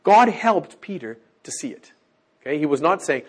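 Brief: male preacher, husky, fairly high-pitched, lively delivery that keeps checking in with the congregation. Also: moderate pace. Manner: animated, keeps checking in with listeners. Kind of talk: sermon.

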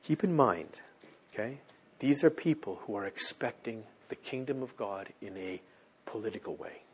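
A man preaching a sermon in an animated way, who keeps checking in with his listeners. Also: fairly low pitch, moderate pace, husky.

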